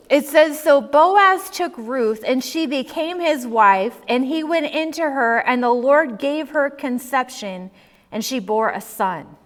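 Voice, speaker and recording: High-voiced woman teaching in a hall. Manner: chatty and playful, asks the class questions. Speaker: Bible study teacher. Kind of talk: casual, humorous Bible lesson.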